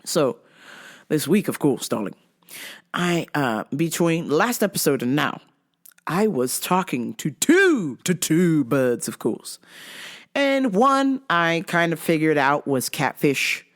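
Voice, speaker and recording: A woman's voice: low voice, big pitch swings, slow pace. A woman hosting a podcast, telling a comic story in a profane, exasperated way and laughing at herself. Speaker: podcast host. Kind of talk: comedic storytelling.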